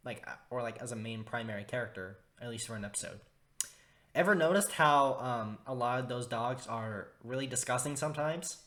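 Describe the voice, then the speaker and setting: A man's voice: medium pitch, a bit bright. A young man reviewing a cartoon episode in a casual, rambling way, full of fillers and restarts, with exaggerated disgust. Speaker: video reviewer.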